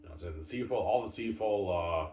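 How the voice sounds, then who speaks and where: A man with a very deep voice pushes his sports opinions, circling back to the same points and tripping over restarts. He sounds set back from the microphone in a reverberant room with faint ambient noise behind him. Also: rapid-fire, a little mellow. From Canada. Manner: insistent and repetitive, stumbling restarts, keeps saying "obviously" and "man". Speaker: vlogger. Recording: roomy, distant mic, faint background ambience.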